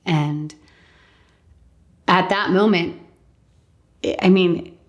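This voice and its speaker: A woman casually telling a personal story as an interview guest, animated and quick to laugh, often saying "like" and "um". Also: on the low side. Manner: animated, laughs often, acts out what others said; fills speech with "like" and "um". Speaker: guest sharing a healing testimony.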